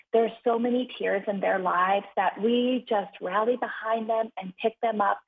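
A woman who founded a children's charity, a guest telling stories in an earnest, upbeat way. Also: mid-range voice. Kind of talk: interview conversation. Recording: phone-line audio.

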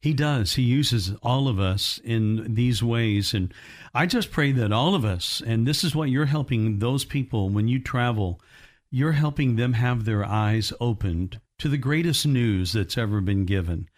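A man hosting a faith talk show, speaking in an earnest, slow, prayerful way. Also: mid-range voice. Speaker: podcast host.

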